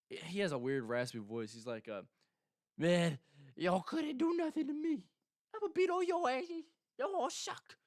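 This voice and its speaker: A man's voice: medium pitch, smooth, dry recording, clean studio sound. Young male host, casual rambling chat, filler-heavy, clean voice with no room sound. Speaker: show host.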